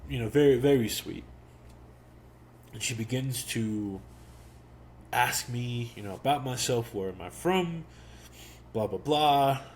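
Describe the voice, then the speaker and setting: A young man hosting a podcast, telling a personal story slowly and reflectively, with pauses. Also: mid-range voice, a little mellow, slight background noise. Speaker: podcast host. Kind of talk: storytelling monologue.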